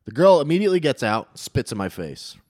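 A man tells a rambling story on a podcast with a swinging, lively pitch, cursing freely and belting out the quoted lines. The sound is close and dry, with no room around him. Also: a little fast, no room sound. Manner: profane, animated, shouts out quoted lines in raised voice. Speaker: podcast co-host. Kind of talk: casual storytelling chat.

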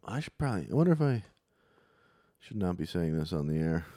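A man telling a story in casual podcast chat, profane and animated, who jumps into loud, higher voices when he quotes people. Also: fairly quick, dry recording, clean studio sound. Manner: profane, animated, shouts out quoted lines in raised voice. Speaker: podcast co-host.

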